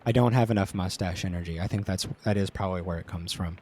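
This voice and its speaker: A man's voice: deep voice, fast talker, warm tone, slight background noise. A man streaming a story game, rambling casually with crude jokes and lots of fillers. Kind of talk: casual let's-play commentary.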